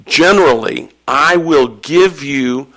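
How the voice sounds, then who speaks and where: A man serves as pronouncer at a school spelling bee, walking the young spellers through the rules. His voice is gravelly yet bright. He talks in a friendly, joking, reassuring way, slow and deliberate with a few fillers. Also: a little high. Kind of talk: explaining rules to an audience. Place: school event hall.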